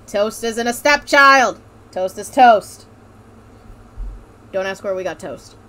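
A woman's voice: medium pitch, slow, fairly bright tone. A woman hosting a let's play, joking, swearing freely and laughing often as she comments on a game. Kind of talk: casual gaming commentary.

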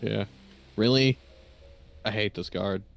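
A man streaming a co-op heist game, giving quick tactical instructions and joking at himself. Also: on the low side, animated, creaky, soft background music. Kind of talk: casual gaming chat.

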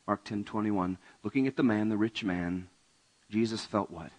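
Husky-voiced male pastor preaching. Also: lowish voice, normal speed, poor audio. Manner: conversational, asks the audience questions; swings between raised emphasis and quiet asides. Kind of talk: sermon.

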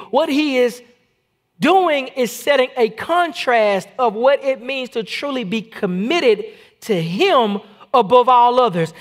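High-voiced man preaching a sermon. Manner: animated, conversational preaching with repetitions. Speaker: pastor. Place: church, streamed online.

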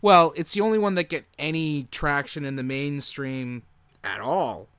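A man's voice: a little high, moderate pace, a bit bright, clean tone, no echo. A man co-hosting a movie podcast in casual chat, making dry asides. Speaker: podcast co-host.

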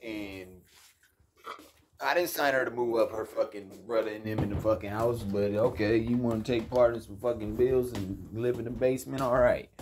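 A man's voice: fairly low pitch, fairly even intonation, normal speed, darkish tone, soft background music. A young adult man telling a rambling, profane story in a casual rant.

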